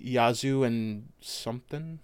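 Smooth-voiced man chatting about games. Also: mid-range voice, takes it slowly, a little mellow, dry recording, studio quality. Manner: loose and chatty, swears casually. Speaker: podcast co-host. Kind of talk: casual game discussion.

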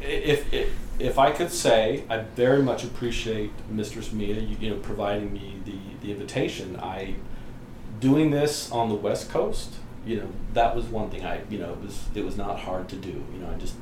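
A man's voice: fairly low pitch, moderate pace. A man telling blunt, profane stories on a podcast as a guest, laughing as he goes. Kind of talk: casual storytelling. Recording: echoey room with clear noise.

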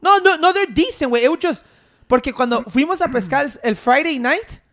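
High gravelly man. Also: quick pace. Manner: animated storytelling, heavy swearing, code-switching. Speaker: podcast co-host. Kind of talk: casual banter.

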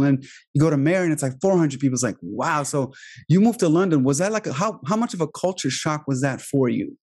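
A man from Albania hosting a casual interview, relaxed and giving short listening replies. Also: a little high, quick pace, husky. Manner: relaxed, frequent short backchannels. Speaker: interviewer, host.

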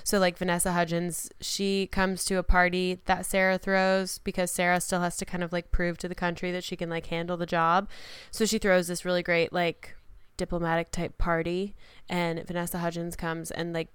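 A woman's voice: lowish voice, monotone, moderate pace, hardly any pauses, clear, resonant tone, no echo. A woman co-hosting a podcast, chatting casually and rambling with lots of fillers. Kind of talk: casual chat.

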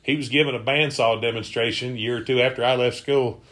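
A man hosting a podcast talks in an easy, middle-pitched voice. He laughs often as he tells his story. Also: fast. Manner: laughs easily, relaxed storytelling. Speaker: podcast co-host. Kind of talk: casual chat.

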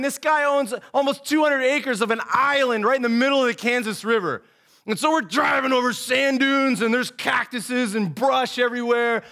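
A man in his thirties, an associate pastor giving a casual, earnest sermon full of folksy stories, saying "man" over and over. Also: very high voice. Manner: folksy storytelling, says "man" and "dude" constantly; animated and earnest.

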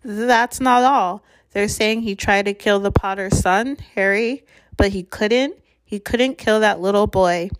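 A woman's voice: mid-range voice, unhurried, lightly acted. A woman reading aloud, voicing an older stern female witch professor who speaks in a trembling, anxious, pleading way. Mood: distressed.

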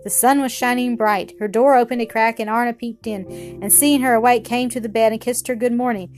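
A woman narrates a storybook in a gentle, expressive way. Her voice sits a little high, and soft music plays faintly underneath. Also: a little fast.

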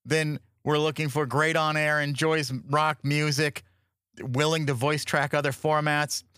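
Sarcastic, bright-voiced radio co-host. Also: male voice, on the high side, flat delivery, measured pace, clean tone, no room sound, clean studio sound. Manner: sarcastic, laughs often, mocking rants. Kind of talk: casual radio banter.

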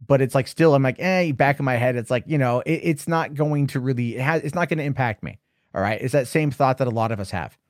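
A man's voice: medium pitch, fast, no room sound, studio quality. An American man in his thirties, hosting a casual debate chat and rambling with many hesitant restarts. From United States. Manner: rambling, hesitant, self-correcting.

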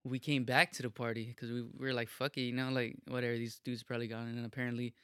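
Fast-talking profane young man telling a story. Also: medium pitch, clear, resonant tone, no room sound, clean studio sound. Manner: profane, animated storytelling with lots of fillers. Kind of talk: casual storytelling chat.

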